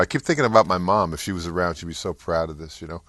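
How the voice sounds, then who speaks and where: An older man, telling stories as an interview guest, halting and rambling with many fillers. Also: sits low, a bit bright, no echo. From New York area. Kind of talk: casual storytelling interview.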